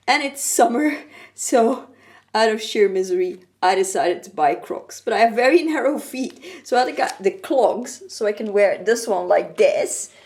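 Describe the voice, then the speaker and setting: A woman's voice: mid-range voice, animated, normal speed, darkish tone. A woman vlogger chatting casually to her camera, playful and chatty, laughing often and sighing for effect. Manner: chatty and playful, with frequent laughs and dramatic sighs. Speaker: craft vlogger. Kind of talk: casual vlog chat to camera.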